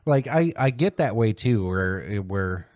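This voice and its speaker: A man hosting a casual podcast, rambling and swearing, mocking others in sudden high-pitched voices. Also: lively intonation, a little slow, a little mellow, no echo, clean studio sound. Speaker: podcast host.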